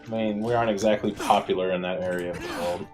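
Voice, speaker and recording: A man's voice: low-pitched, fast, over music. Laid-back young man in gaming chat. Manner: relaxed, swears casually, short replies. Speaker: co-op gaming partner. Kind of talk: casual chat while gaming.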